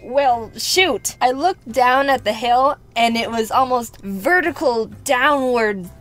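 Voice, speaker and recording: A young woman narrates a personal story in a playful, sarcastic scripted style. Her voice sits fairly high, and faint music plays behind her. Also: slow pace, fairly bright tone. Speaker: animated storyteller.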